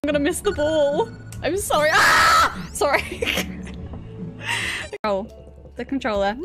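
A woman's voice: sits high, sing-song, takes it slowly, raised voice, over loud music. A woman streaming video games, chatting casually, giggling often and talking back to the characters on screen. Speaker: gaming streamer. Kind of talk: casual live-stream commentary while playing.

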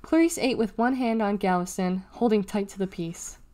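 A woman reading a children's novel aloud, acting out the dialogue with raised pitch, loud calls and whispers. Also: moderate pace. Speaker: reader.

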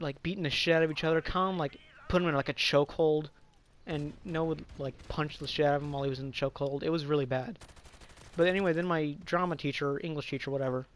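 A young man telling a casual story, rambling and profane with lots of fillers. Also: fairly high pitch.

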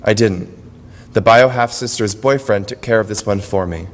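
A man's voice: fairly low pitch, moderate pace. A man performing a personal monologue on stage in short, clipped phrases. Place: university event hall. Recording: long hall reverb.

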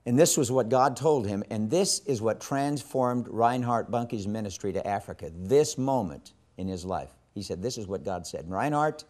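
A man teaching a session on evangelism in a sermon style, telling a story with strong emphasis and dropping to hushed tones when quoting. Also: lowish voice, expressive, normal speed, hardly any pauses. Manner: impassioned, swings from loud emphasis to hushed quoting.

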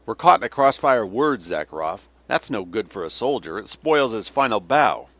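A man's voice: fairly low pitch, very animated, normal speed, a bit bright, no room sound, voice pushed up. A man voicing a weary, cynical older male Russian general who delivers sardonic, bitter tirades.

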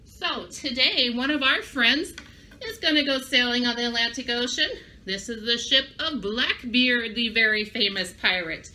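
Bright, upbeat woman teaching kids. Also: a little high, moderate pace. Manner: upbeat, speaks directly to young children. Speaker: librarian. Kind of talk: children's craft and story lesson.

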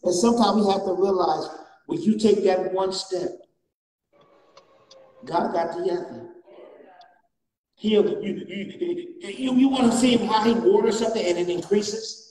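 High-voiced preaching man, echoey church. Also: measured pace, pauses often. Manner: fervent, repetitive refrains, rising to shouts. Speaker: guest bishop preaching. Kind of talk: sermon. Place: church sanctuary. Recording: echoey church, distant mic, faint noise.

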